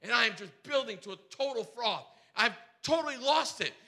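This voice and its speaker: A man delivering a sermon in an animated storytelling manner, full of asides and self-corrections. His voice sits high and very bright. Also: brisk, gravelly. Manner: animated storytelling, restarts and asides, acts out quotes. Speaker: pastor and homeless outreach worker.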